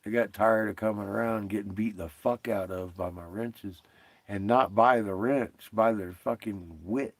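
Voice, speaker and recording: Gravelly rambling man streaming. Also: on the low side, a little slow, no echo. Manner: rambling, profane, laughs often. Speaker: livestream host. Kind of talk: casual livestream chat.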